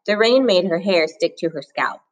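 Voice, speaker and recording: A woman with a fairly low voice reading a children's novel aloud. Her audiobook narration is measured and steady. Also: rough recording. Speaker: reader.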